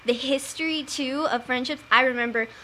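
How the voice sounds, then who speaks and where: A young adult woman chatting casually as a panelist, telling stories in an animated way. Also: sits high, moderate pace, slight background noise. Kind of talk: casual chat.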